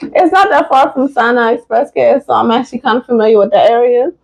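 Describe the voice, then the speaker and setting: Woman, casual chat, lively storyteller, slightly high voice. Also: quick pace, creaky, low-quality recording. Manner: animated storyteller, acts out quotes. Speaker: podcast co-host.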